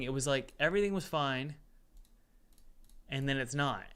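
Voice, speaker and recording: A man casually talking through his game development work at his computer, chatty and thinking out loud with exasperated asides. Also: medium pitch, animated, unhurried, long pauses, smooth. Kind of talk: casual devlog commentary while working.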